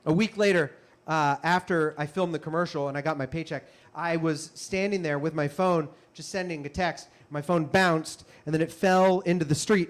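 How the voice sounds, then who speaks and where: A young man telling a comic story on stage, animated and breaking into loud shouted bits. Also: a little high. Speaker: comedian. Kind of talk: stand-up storytelling.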